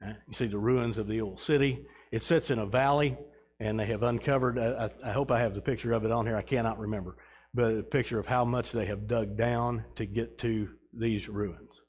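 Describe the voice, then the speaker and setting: A man's voice: medium pitch, fairly even intonation, fairly quick, darkish tone, slight background noise. Rambling man teaching a church class. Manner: rambling, many restarts and fillers. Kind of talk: casual slideshow talk about a trip.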